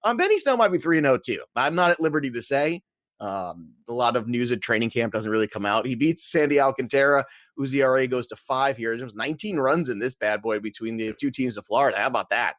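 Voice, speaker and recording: A man co-hosting a sports podcast in a loose, joking way. He laughs often and stays animated as he runs through the scores. His voice sits at a middle pitch and is recorded dry, with no room sound. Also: fast, dry recording. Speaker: podcast co-host. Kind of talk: casual sports podcast chat.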